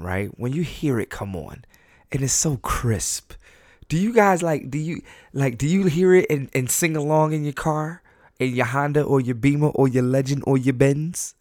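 A man hosting a casual solo podcast from home, high on weed, loose and rambling, laughing and cursing as he talks. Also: animated, moderate pace, a little mellow, no room sound, studio quality. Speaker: podcast host.

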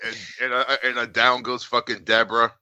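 A man's voice: medium pitch, little pitch movement, a little fast, sharp tone, smooth, no echo, muffled recording. A man chiming into a podcast chat with crude jokes. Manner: crude, joking.

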